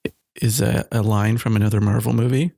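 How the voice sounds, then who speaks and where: A man's voice: on the low side, steady tone, a little fast, vocal fry, warm tone, no echo, clean studio sound. A man co-hosting a podcast in casual chat, rambling and laughing often. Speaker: podcast co-host. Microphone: studio mic.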